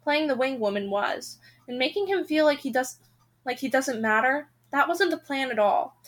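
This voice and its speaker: A woman hosting a podcast, reading a novel aloud and reacting with expressive, emotional outbursts. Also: sits high, normal speed. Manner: expressive reader who breaks off into emotional rants.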